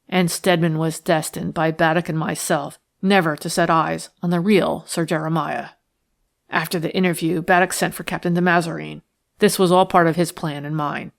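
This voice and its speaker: Lady reading gravelly bitter guy making threats, low and rough. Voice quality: harsh, coarse. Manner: sullen, menacing, low-voiced. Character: rough jealous male schemer, bitter and threatening. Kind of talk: audiobook character reading.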